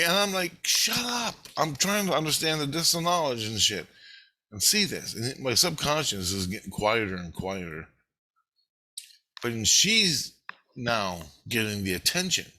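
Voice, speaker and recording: Animated, foul-mouthed man telling a story. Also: lowish voice. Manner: animated, profane, acts out quoted voices. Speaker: vlogger. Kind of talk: casual storytelling monologue.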